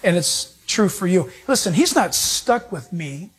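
A man preaching a sermon as a pastor, emphatic and animated. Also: high-pitched, unhurried, slightly rough. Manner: emphatic, animated preaching that acts out quoted voices.

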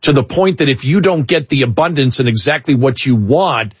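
A man's voice: medium pitch, lively intonation, a little fast, breathy edge, dry recording. A middle-aged man co-hosting a talk radio show, chatting casually with many restarts and an exasperated edge.

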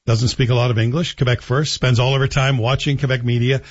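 A Canadian man hosts a talk radio show, offering opinionated commentary with sarcastic, joking asides. His medium-pitched voice is level and quick with a breathy edge, heard through dull lo-fi broadcast audio.

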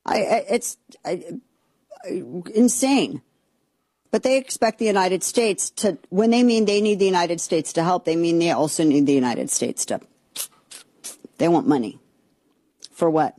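A woman's voice: on the low side, measured pace, long pauses, dark tone, dry recording. A woman hosting a commentary show, giving heated political opinions in a rambling way with frequent restarts and exasperated outbursts.

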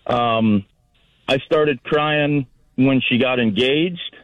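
A man's voice: mid-range voice, drawn-out words, dry recording. Man, middle-aged, caller from florida, easygoing storyteller, muffled phone line. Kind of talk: call-in radio chat.

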